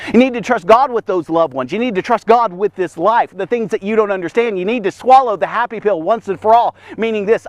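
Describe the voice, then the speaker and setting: A man with a fairly high voice preaching a lively devotional message. He speaks emphatically, circles back to the same catchphrases and checks in with his listeners again and again. The sound is dry, with no room echo. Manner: emphatic and repetitive, frequent "okay?" and "here's the thing".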